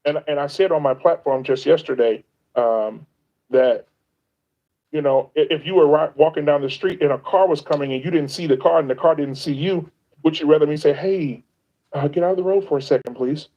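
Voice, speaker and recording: A man's voice: a little high, a little fast. Earnest man on a muffled livestream. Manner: earnest, emphatic, repeats himself and restarts often. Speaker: guest on a livestream, content creator. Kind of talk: casual livestream chat.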